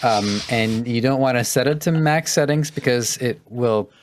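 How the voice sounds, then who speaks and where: A man's voice: mid-range voice, moderate pace, a little hiss or hum. A man co-hosting a podcast in casual chat, talking with many hesitations and fillers. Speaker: podcast co-host.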